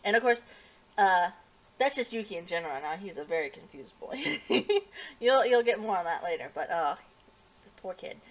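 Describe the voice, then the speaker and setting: Woman, lowish voice, casual recap, rambling, filler words, self-corrections. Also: animated, moderate pace, dull audio. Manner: rambling, lots of fillers and restarts; acts out characters' lines in livelier voices. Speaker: anime reviewer.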